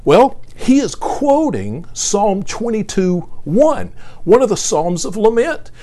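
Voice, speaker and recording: A man's voice: sits high, big pitch swings, slow, dark tone. A man preaching a sermon, reading scripture with earnest emphasis and often repeating words as he speaks.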